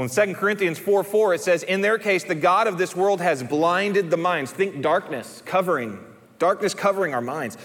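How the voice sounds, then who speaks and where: A male pastor preaching a sermon, dropping to hushed low emphasis and then rising high and excited when he reads dialogue aloud. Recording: reverberant church hall.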